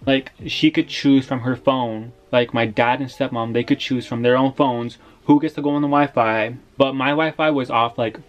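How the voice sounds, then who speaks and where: Young dude rambling thru a story time, tons of "like", kinda muffled lo-fi audio. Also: male voice, mid-range voice, fairly even intonation, normal speed, few pauses. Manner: slangy, rambling, lots of "like". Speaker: vlogger telling a story.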